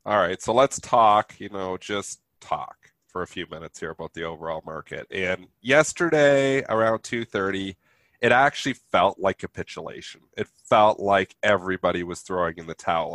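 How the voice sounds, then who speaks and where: A man's voice: deep voice, normal speed, a bit bright, no echo. A man with a nasal voice from a sinus infection, giving blunt, emphatic market commentary as co-host.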